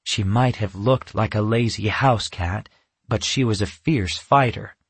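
Husky man narrating a storybook. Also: fairly low pitch, unhurried, no room sound.

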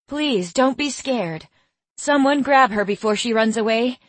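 A woman voicing a firm, calm group leader. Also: mid-range voice, moderate pace, husky, no echo. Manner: firm and reassuring.

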